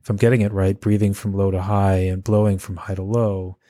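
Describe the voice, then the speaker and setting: A male host with a lowish, mellow voice asks his guest long, searching questions, pausing and restarting as he finds the words. The recording is dry and close. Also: level tone, no room sound. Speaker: podcast host. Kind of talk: interviewer asking questions.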